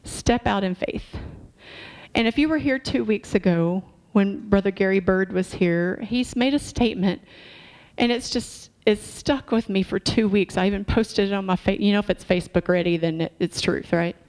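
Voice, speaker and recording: Woman preacher, mid-pitched, chatty sermon delivery that keeps asking the congregation questions. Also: normal speed, darkish tone. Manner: conversational, asks the congregation questions. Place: church.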